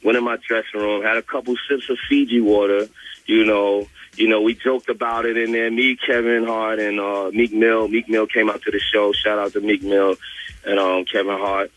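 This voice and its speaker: A man's voice: fairly low pitch, normal speed, low-quality recording. Profane young man telling a story. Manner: animated, profane, full of "like" and repeats. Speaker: guest calling in to a radio show. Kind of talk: casual storytelling on a radio call.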